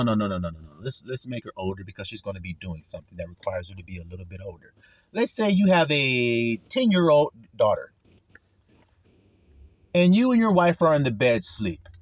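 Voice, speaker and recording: A man preaches an informal sermon with raw passion, swinging from loud, soaring lines to low, muttered asides. His voice sits fairly high and moves all over the place. The recording is dry and close. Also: no room sound.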